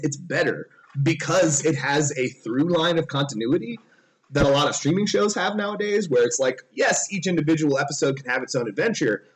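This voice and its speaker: A man's voice: a little high, poor audio. A man co-hosting a geeky podcast, explaining shows earnestly and with enthusiasm. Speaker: podcast co-host. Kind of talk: casual chat.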